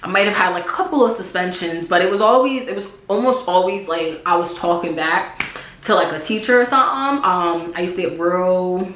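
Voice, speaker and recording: A young woman telling a storytime vlog in a casual, profane way, acting out loud quotes. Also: lowish voice, brisk, a little hiss or hum. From Pennsylvania, USA. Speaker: YouTuber. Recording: echoey room.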